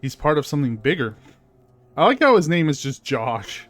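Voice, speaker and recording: A man's voice: fairly high pitch, very animated, moderate pace, a bit bright, no echo, faint music behind. A man streaming a video game, chatting casually with fillers and reading the game's text aloud. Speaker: gaming streamer. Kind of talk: casual let's-play commentary.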